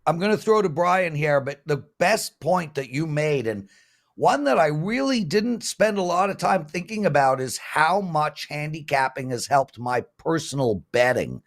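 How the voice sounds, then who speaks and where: A man's voice: a little high, lively intonation, measured pace. A man hosting a sports betting show, chatty and mocking as he reads out viewer comments and answers them. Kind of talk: casual panel talk.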